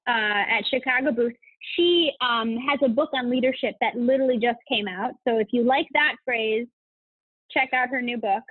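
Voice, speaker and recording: A woman's voice: fairly high pitch, moderate pace, breathy edge, no echo. A woman guest on a podcast, chatting casually and enthusiastically, gushing and laughing often. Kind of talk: casual interview chat. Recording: tinny phone-like line.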